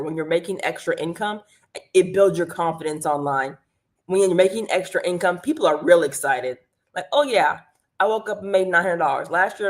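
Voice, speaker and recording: A woman hosting a live stream, giving an energetic motivational pep talk about earning extra income and greeting viewers in the chat by name. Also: on the low side. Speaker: livestream host and business coach. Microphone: streaming mic.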